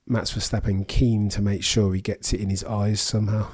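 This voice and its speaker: Brummie guy chatting with his live chat, fairly low voice, dry jokes, reading comments out. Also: steady tone, normal speed, few pauses, a little mellow, breathy edge. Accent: Birmingham English. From England. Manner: chatty, reads out viewer comments, dry quips. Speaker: livestream host. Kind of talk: casual live watchalong chat.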